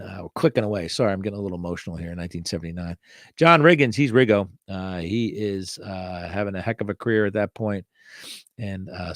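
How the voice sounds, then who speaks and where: Middle-aged guy doing a card show, dry jokey asides, lowish voice, dead dry sound. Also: dry recording. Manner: wry, joking asides with many fillers. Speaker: sports card show host. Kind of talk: casual card review narration.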